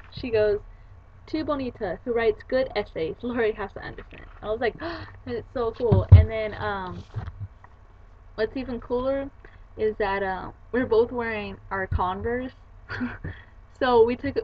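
Young woman, book vlogger, chatty storyteller; lo-fi webcam audio, faint hiss. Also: medium pitch. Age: young adult. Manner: chatty, retells scenes with quoted voices. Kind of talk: casual chat.

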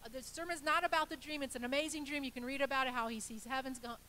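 A woman's voice: high-pitched, steady tone, fast, bright, forceful tone, a little hiss or hum, low-quality recording. A woman pastor preaching a sermon in a conversational way, with restarts and asides, acting out the voices in the stories she tells. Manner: acts out quoted voices in storytelling.

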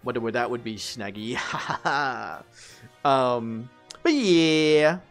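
A man's voice: medium pitch, expressive, very slow, faint music behind. A man chatting casually on a livestream, rambling, swearing and laughing often.

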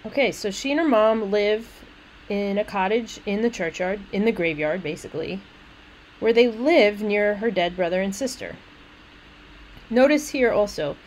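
A woman lecturing on a poem, chatty and animated, breaking off into casual asides as she explains. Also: medium pitch, moderate pace, slight background noise, low-quality recording. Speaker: literature lecturer. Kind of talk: recorded lecture reading a poem aloud.

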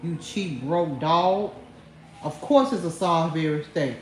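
A woman's voice: sits low, a little slow, slight background noise. A woman hosting a livestream, mocking someone and laughing as she talks straight to her viewers. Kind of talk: trash-talking livestream rant. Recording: echoey room.

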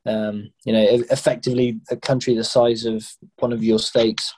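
A young adult man from England with an English accent, a skydiving guest who talks in a halting way with many repeated words and fillers. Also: mid-range voice, little pitch movement, a little mellow, slight background noise, low-quality recording. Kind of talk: casual podcast interview.

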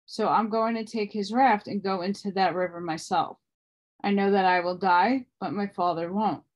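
A woman reading as a solemn, gruff young boy. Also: mid-range voice, fairly even intonation, moderate pace, natural voice. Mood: earnest. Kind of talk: audiobook reading.

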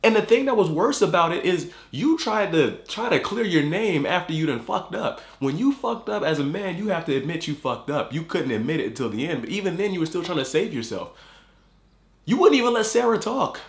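Hosting a YouTube reaction video, a man rants angrily and swears, repeating himself as the words tumble out. His voice sits on the high side, expressive and brisk, and the room is echoey.

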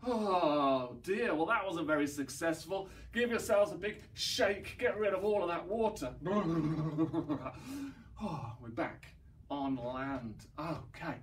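A man with a fairly high voice leads young children through an action song, with a slow, unhurried delivery. He sings and acts out the sounds playfully, and his voice sits a little back from the microphone. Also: distant mic. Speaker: children's singing session leader.

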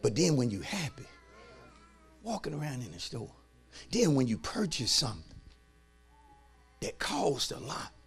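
A male pastor preaching a sermon in church, swinging from soft asides to shouting and calling on the congregation to respond. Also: medium pitch, big pitch swings, measured pace, long pauses, soft background music. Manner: colloquial, calls on the congregation to respond.

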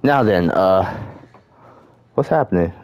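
A man's voice: deep voice, animated, slow pace, no echo, highs cut off. A man playing a video game and commenting casually, swearing and joking as he reacts. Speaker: gaming streamer. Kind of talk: let's play commentary.

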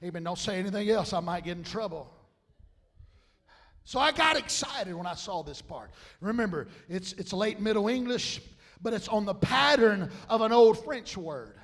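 Male pastor preaching, pitched high, building to loud rises. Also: animated, normal speed. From South Louisiana. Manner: preaching with loud rises and fillers like amen and hallelujah. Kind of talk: sermon.

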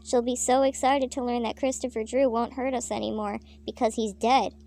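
A woman voicing an eager, loud male dog creature in a comic story reading. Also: on the high side, steady tone, normal speed, slight background noise, close to an everyday voice. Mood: excited.

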